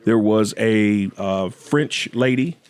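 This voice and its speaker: A man's voice: on the low side, takes it slowly, a little mellow, clean tone. A middle-aged man hosting a casual podcast chat, playful and joking, now and then slipping into put-on accents. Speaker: podcast host.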